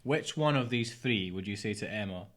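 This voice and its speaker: A man's voice: on the low side, animated, normal speed, a bit bright. A man, co-hosting a casual podcast chat, rambling and dropping into mutters. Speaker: podcast co-host.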